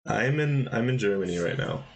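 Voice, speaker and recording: A man's voice: medium pitch, expressive, a little fast, gravelly. Male chess streamer, casual live commentary, mid-range voice, talkative and reactive. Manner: chatty, thinks aloud, exclaims at blunders.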